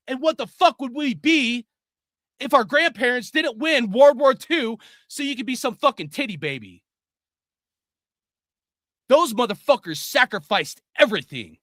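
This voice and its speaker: A man's voice: very high voice, animated, normal speed, sharp tone, dry recording, studio quality. A middle-aged man ranting angrily and swearing constantly in a profane opinion talk. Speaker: video host.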